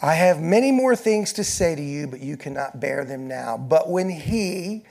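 A man's voice: fairly high pitch, lively intonation, moderate pace, creaky, darkish tone. A male pastor preaching a sermon, reading scripture aloud and building in intensity as he addresses the congregation.

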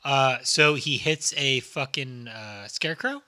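A man with a New Jersey accent talks haltingly and crudely in casual podcast banter. His voice has a very bright edge at a medium pitch. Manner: halting, restarts, profane. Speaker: podcast co-host. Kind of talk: casual chat.

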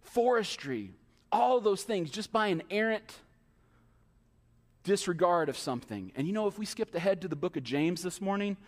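A man with a very high, light voice preaching to his congregation, driving home points with rhetorical questions and playful acted-out asides. His words ring through a church hall with a long reverb. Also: expressive, moderate pace. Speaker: pastor. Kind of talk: sermon.

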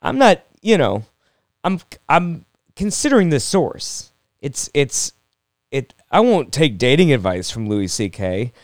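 Smooth-voiced man riffing casually. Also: medium pitch, very animated, measured pace, dry recording, clean studio sound. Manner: rambling, self-deprecating, jokey with frequent restarts. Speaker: comedian and podcast host. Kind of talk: casual solo podcast monologue.

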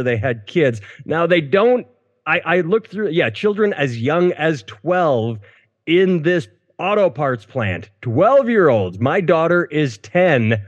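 A man's voice: on the high side, very animated, measured pace, in a large hall. A man in his thirties co-hosting a casual comedy news podcast, sarcastic and profane, often stumbling over restarts. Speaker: podcast co-host. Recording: dull lo-fi podcast audio.

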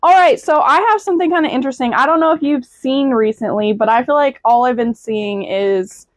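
A woman's voice: high voice, brisk, no room sound, clean studio sound. A woman co-hosting a podcast in casual chat, jokey and swearing freely, talking into a small shared microphone. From southern United States. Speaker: podcast co-host.

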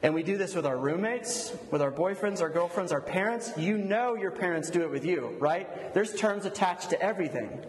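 A man preaching, leading a prayer and then telling a story in a relaxed, conversational way. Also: high voice, normal speed, hardly any pauses. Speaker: pastor. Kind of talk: sermon with storytelling. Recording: echoey hall, long reverb.

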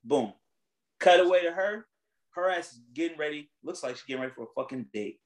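A man hosting a casual chat, retelling a story in animated, slangy, profane talk. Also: a little high, brisk, rough recording.

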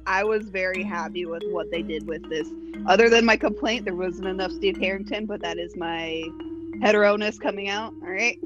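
A woman co-hosting a casual podcast, telling an excitable story and acting out her own reactions. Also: medium pitch, brisk, highs cut off, music in the background. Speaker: podcast co-host.

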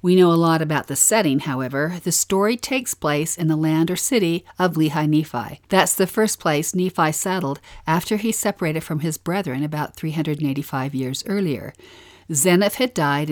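A woman's voice: deep voice, moderate pace, darkish tone. A woman co-hosting a scripture lesson podcast, asking reflective questions and setting the scene. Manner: inquisitive, reflective, asks questions. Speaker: podcast co-host.

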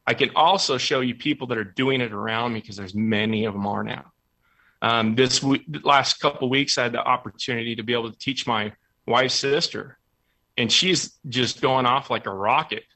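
Male motivational talk host, bright tone, emphatic storyteller. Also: medium pitch, normal speed. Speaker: podcast host.

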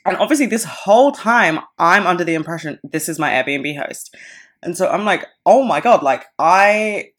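A young woman in her twenties with a low-pitched voice tells a story on her podcast. She talks casually, swears freely and acts out what everyone said. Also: expressive, moderate pace, fairly bright tone. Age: 20s. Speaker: podcast host.

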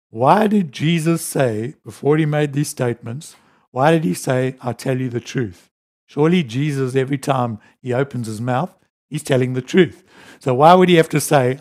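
A man preaching a sermon, reading scripture aloud and explaining it with emphatic rises and quiet drops. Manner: animated, rising to emphatic peaks then dropping low; reads scripture aloud between teaching.

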